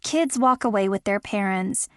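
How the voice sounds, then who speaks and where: A woman's voice: mid-range voice, normal speed, dry recording, clean studio sound. A woman narrating a romance audiobook in the first person, in a reflective, wistful way.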